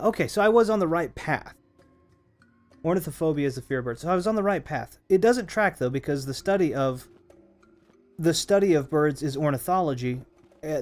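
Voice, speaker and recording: A hoarse man streaming a game, chatting casually with viewers in a rambling, self-correcting way. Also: fairly high pitch, darkish tone. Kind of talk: casual live-stream chat over gameplay.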